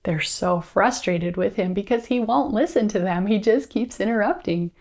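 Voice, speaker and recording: A woman teacher reading a picture book aloud to children, expressive and coaxing them to join in. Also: mid-range voice, moderate pace.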